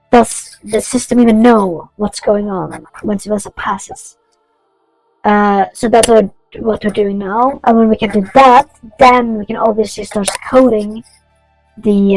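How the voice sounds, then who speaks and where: A woman's voice: medium pitch, vocal fry, darkish tone, no echo, low-quality recording. A woman chatting casually while coding on stream, rambling through stories and swearing freely.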